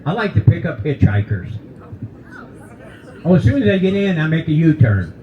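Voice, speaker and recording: A man's voice: fairly high pitch, big pitch swings, normal speed, lo-fi sound. A man in his seventies performing a stand-up comedy set, folksy and teasing the crowd. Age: 70s. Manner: folksy, teasing the crowd, jokes about old age. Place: brewery stage with live audience.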